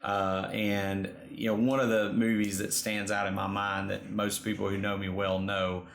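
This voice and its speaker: Low gravelly guy thinking out loud, echoey room. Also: monotone, moderate pace. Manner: reflective, thinks aloud with many fillers. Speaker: podcast co-host. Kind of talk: casual chat.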